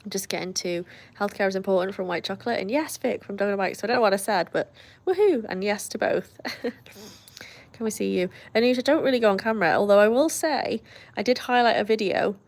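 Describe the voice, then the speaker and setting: Chatty British woman with a gravelly voice. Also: medium pitch, a little fast. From Britain. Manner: chatty, laughs often, friendly asides. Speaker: livestream host. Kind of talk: casual chat reading viewer comments.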